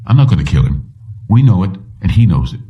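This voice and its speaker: A man's voice: low-pitched, big pitch swings, recorded from a distance, muffled recording. A man doing a somber, weary police chief. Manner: somber, measured. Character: somber middle-aged male police commissioner, weary.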